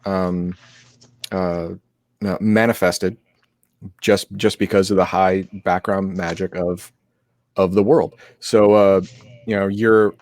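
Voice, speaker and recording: Sick, low-voiced man explaining game lore. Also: flat delivery, takes it slowly, long pauses, a little mellow, no echo. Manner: rambling, explanatory, many restarts. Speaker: co-host of an RPG stream. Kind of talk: casual chat.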